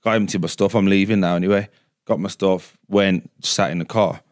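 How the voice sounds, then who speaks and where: A deep-voiced man tells a long story in a loose, casual podcast chat. He swears without a second thought and drops to a near whisper when he quotes other people. The sound is close and dry. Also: steady tone, brisk, dry recording. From England. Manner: swears freely, acts out quotes in a hushed voice. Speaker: guest, former footballer. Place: basement studio.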